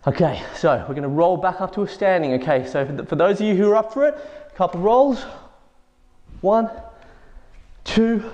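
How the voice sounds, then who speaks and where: A fitness instructor with a somewhat high, slightly mellow voice leads a workout, counting reps aloud and encouraging everyone while exercising along, so he's out of breath. The recording sounds muffled, with a long hall reverb.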